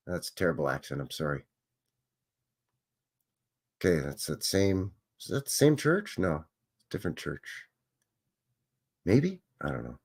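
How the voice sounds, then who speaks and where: Male host, chatty and wry, with a very animated pitch. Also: a little slow, pauses often, breathy edge. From Canada. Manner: chatty, joking, exclaiming at what he sees. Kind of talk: casual live commentary on old photos.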